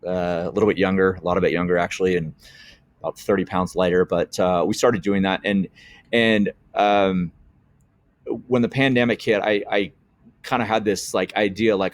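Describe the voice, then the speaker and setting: A middle-aged man, an educator, talks through a software tutorial on his own channel. His voice sits fairly low, and he speaks earnestly and from the heart, often restarting his sentences. The sound is dry and close, with no room around it. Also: steady tone, fairly quick, no echo. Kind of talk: screen-share software tutorial.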